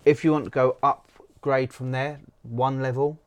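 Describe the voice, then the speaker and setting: A man's voice: medium pitch, fairly even intonation, a little slow, clean tone. A man co-hosting a podcast, giving practical advice step by step. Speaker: co-host.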